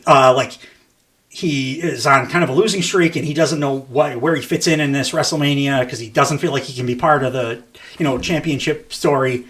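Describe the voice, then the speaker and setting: A man's voice: medium pitch, fairly quick, a bit bright. Rambling, laughing man on a podcast. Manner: rambling, laughs often, swears casually. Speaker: podcast host. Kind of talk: casual wrestling podcast chat.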